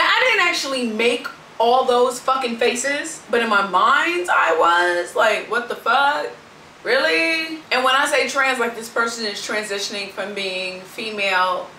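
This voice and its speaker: A woman's voice: mid-range voice, sharp tone, echoey room, recorded from a distance, slight background noise, poor audio. A young woman vlogger telling a story in a brash, sassy, profane rant.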